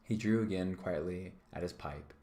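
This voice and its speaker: A man, a teacher, reading a novel aloud live, pausing now and then to correct himself. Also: sits low, mellow. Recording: echoey room.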